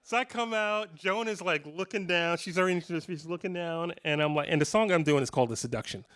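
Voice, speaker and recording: Chatty man in his fifties with a high voice. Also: brisk, a bit bright, clean tone. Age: 50s. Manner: rambling, self-deprecating, with frequent restarts and laughs. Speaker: guitarist giving a clinic. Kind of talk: casual storytelling to a live audience. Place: guitar shop clinic room.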